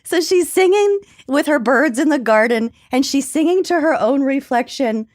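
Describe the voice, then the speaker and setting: A woman's voice: sits high, lively intonation, normal speed, hardly any pauses, darkish tone, no room sound, studio quality. A woman co-hosting a podcast, chatting casually in a giggly, playful way. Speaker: podcast co-host. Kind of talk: casual chat.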